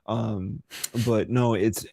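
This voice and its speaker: A man co-hosting a casual political chat, laughing often, excitable and swearing freely. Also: fairly low pitch, takes it slowly, creaky, no echo, clean studio sound. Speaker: co-host.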